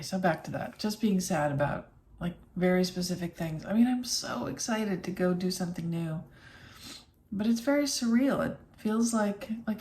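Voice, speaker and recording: In a casual vlog chat, a weary middle-aged woman talks emotionally from a cleared-out home office, leaning on fillers. She speaks fairly low and a little mellow, and there's slight noise in the background.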